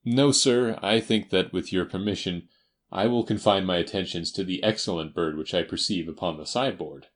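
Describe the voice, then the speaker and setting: A man voicing a shabby, learned older man who speaks slowly and picks each word with care. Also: low voice, lightly acted. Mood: measured. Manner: slow, staccato, choosing words carefully. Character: large, down-at-heel learned older man, slow and careful.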